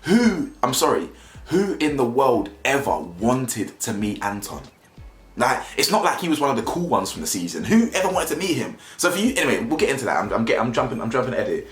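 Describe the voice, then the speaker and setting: A man's voice: mid-range voice, very animated, a little fast. A young man giving slangy, mocking casual commentary as a video reviewer, laughing often. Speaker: YouTube reviewer. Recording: roomy echo, faint music.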